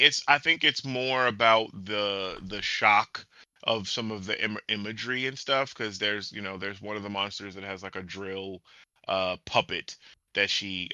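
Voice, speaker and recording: Bright dry-sounding podcast guy chatting about games, gets excited and squeaky fast. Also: no room sound. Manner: excitable, laughs often, jumps into a high voice when animated. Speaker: podcast co-host. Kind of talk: casual gaming podcast chat.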